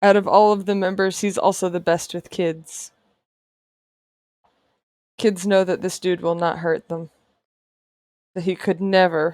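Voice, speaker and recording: Slow-talking playful woman artist. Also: lowish voice, flat delivery, a little mellow, no echo, studio quality. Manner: playful, sarcastic, often laughing. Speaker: artist streamer. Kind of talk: casual chat while drawing on stream.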